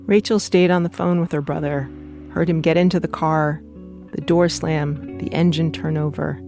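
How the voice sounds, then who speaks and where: A narrator reading scripted documentary narration in a measured, even way. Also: medium pitch, creaky, soft background music.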